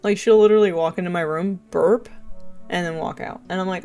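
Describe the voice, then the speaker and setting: A woman's voice: fairly low pitch, fairly even intonation, a little fast, mellow. A young woman livestreamer chatting casually and rambling, filling her talk with "like" and "um" and laughing often. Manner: rambling, chatty, heavy use of "like" and "um"; laughs often between sentences. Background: faint game music.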